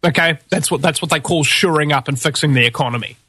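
A man's voice: fairly high pitch, fast, bright, forceful tone, husky, no room sound. A man from New Zealand, with a New Zealand accent, delivering an angry, sarcastic, blunt political rant as a commentator. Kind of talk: ranting monologue.

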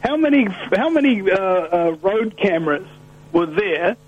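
A man's voice: sits high, sing-song, a little slow, husky, narrow, tinny audio. A man hosting a talk show, speaking with emphatic, ranting passion. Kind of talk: heated talk-show conversation.

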